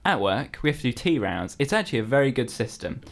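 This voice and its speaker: A man's voice: medium pitch, fast, vocal fry. Young man telling chatty work stories. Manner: chatty storytelling, animated when quoting people. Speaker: podcast host. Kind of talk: casual chat.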